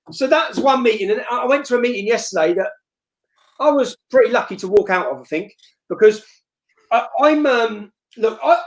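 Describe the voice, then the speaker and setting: In a roomy, echoing recording, a man with a high-pitched voice relates a story while being interviewed on a live stream. His delivery is blunt and forceful, full of repetition and tagged with "yeah?".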